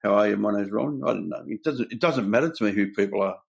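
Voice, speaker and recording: Speaking in a lowish, slightly rough voice with vocal fry, this older Australian host talks fast. In a candid conversation he shares his personal recovery story, earnest and blunt, acting out exchanges through quoted dialogue.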